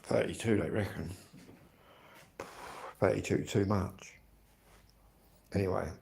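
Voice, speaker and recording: A man's voice: low voice, slow pace, gravelly, darkish tone, a little hiss or hum. A middle-aged man from Kent, rambling casually to viewers on a livestream with plenty of fillers. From Kent, England. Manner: chatty and rambling, many fillers. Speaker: livestream host.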